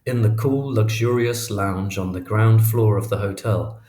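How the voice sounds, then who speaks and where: A man narrating a memoir audiobook in a measured, expressive storytelling manner. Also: lowish voice. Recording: roomy echo.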